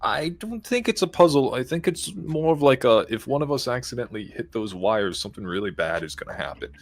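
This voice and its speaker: A man's voice: mid-range voice, sing-song, a little fast. A man playing a tabletop game, talking casually and hesitantly with many fillers and restarts.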